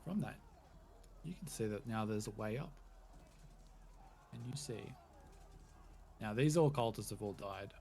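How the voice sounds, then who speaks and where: A man's voice: lowish voice, lively intonation, a little slow, gravelly, pauses often, warm tone, slight background noise. A man narrating as game master, with loose, rambling descriptions full of hedging fillers.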